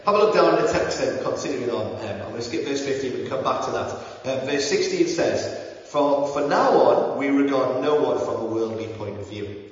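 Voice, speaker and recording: A man's voice: mid-range voice, expressive, normal speed. Man preaching in an echoey hall. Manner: earnest, conversational, with frequent ums and restarts. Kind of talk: sermon. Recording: roomy, echoey hall, mic at a distance, dull sound.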